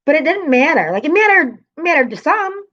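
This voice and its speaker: Woman streamer, raised pitch, emotional, profane, talking to chat, dull lo-fi audio. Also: big pitch swings, fairly quick, a bit bright. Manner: upset, emotional, swearing, greeting viewers by name. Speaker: live streamer. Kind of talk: venting to live chat.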